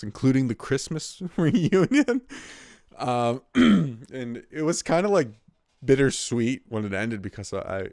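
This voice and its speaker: A man's voice: mid-range voice, a little mellow, dry recording, studio quality. Rambling, swearing man in his twenties. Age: 20s. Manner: rambling, profane, restarts often. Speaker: host. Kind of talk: casual solo monologue.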